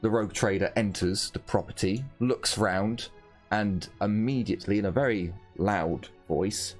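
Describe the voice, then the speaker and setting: A man's voice: fairly low pitch, measured pace, soft background music. A man narrating a tabletop game as game master, wandering along with plenty of fillers and restarts. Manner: meandering, full of fillers and restarts.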